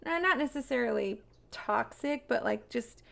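Gravelly-voiced woman chatting casually. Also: on the high side, lively intonation, normal speed, fairly bright tone. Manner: rambling, many fillers and restarts. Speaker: podcast co-host. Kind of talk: casual chat.

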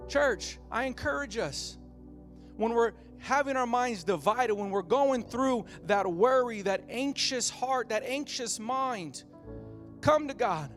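A pastor preaching to his church in a notably high voice, stacking repeated phrases into a rising rhythm. Faint music plays underneath him throughout. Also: expressive, slow, fairly bright tone. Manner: passionate preaching, repeating phrases and building cadence. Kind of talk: sermon.

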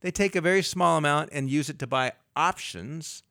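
A middle-aged man, a financial advisor, explaining investing on a radio talk show in a lively way with everyday analogies. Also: a little high, moderate pace, dry recording, clean studio sound.

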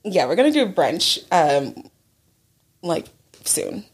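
Rambling young woman with a lower voice. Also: big pitch swings, takes it slowly, breathy edge. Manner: rambling, filler-heavy, giggly storyteller. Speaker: podcast co-host. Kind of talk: casual chat.

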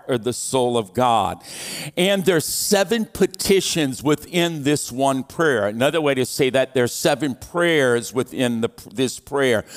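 A male pastor preaches at a slow, unhurried pace in a somewhat higher voice. He leads the congregation in reading aloud together and drops in light jokes. His voice carries the long reverb of a large church hall. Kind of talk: sermon.

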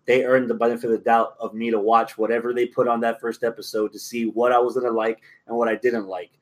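A man in casual podcast conversation about wrestling. He talks in a measured way and slips in dry one-line remarks. His pitch sits in the middle of the male range. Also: flat delivery. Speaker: podcast co-host.

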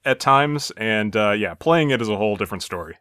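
A man's voice: fairly low pitch, expressive, brisk, a bit bright, smooth, dry recording, clean studio sound. An American man hosting a podcast in casual chat, easygoing, often chuckling and hedging with "I think". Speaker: podcast host.

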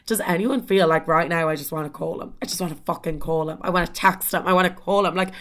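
A young woman telling a story in a casual, animated way, swearing often and saying "like" constantly. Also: lowish voice, fast. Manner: animated, swears a lot, heavy filler "like".

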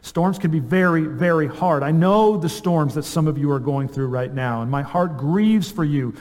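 A man preaching from the pulpit, his voice pitched a little high for a man and carried by the long reverb of a church sanctuary. He asks the congregation question after question and lets key phrases fall quiet and slow. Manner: earnest preaching, rhetorical questions, drops soft on key words. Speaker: pastor. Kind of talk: sermon.

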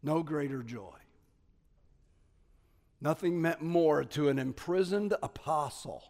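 A man preaching a sermon as pastor, stressing key words loudly and dropping to quiet asides. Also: fairly high pitch, slow pace, long reverb tail. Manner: emphatic, swings between loud stresses and quiet asides.

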